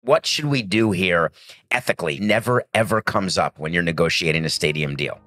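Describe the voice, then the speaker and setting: Man, extremely low voice, forceful tone, blunt, self-assured, interview guest. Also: normal speed. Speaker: former baseball team president, interview guest. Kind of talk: interview clip.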